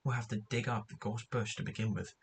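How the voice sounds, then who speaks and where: A man's voice: on the low side, level tone, brisk, a little hiss or hum, close to an everyday voice. A man reading as a fierce, loyal tomboy girl. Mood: determined. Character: fierce tomboy girl, devoted to her dog.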